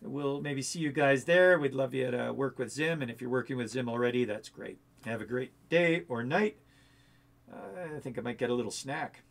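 Male host for a casual coding walkthrough, gravelly texture, rambles and thinks aloud. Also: medium pitch, moderate pace.

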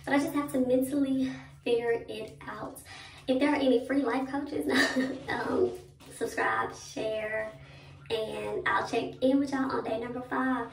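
A woman's voice: fairly high pitch, steady tone, a little slow, vocal fry. A young woman in casual vlog talk, chatting straight to her followers. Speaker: vlogger. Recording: echoey room, voice a bit far from mic.

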